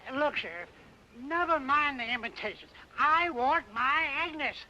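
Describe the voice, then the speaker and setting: A hotheaded old farmer. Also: male voice, very high voice, animated, measured pace, pushed and bright, highs cut off, a little hiss or hum, heavily acted. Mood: angry. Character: angry old farmer guarding his hen.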